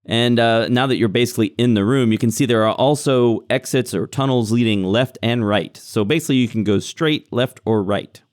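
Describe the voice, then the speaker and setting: A man acting as game master, describing scenes and calling turns in an unhurried, descriptive way. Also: medium pitch, dry recording, studio quality. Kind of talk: narrating a tabletop game.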